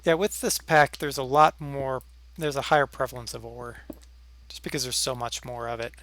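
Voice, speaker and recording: A man hosts a let's play, chatting casually as he plays and sometimes dropping almost to a whisper while he concentrates on the game. His voice is medium-pitched, steady, and fairly bright at a normal speed, but the audio is poor.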